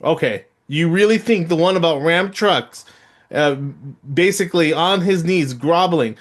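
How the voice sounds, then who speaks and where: A middle-aged man co-hosting a podcast, arguing hotly and incredulously, his voice jumping up in loud outbursts. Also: on the high side, normal speed. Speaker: podcast co-host. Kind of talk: heated casual podcast debate.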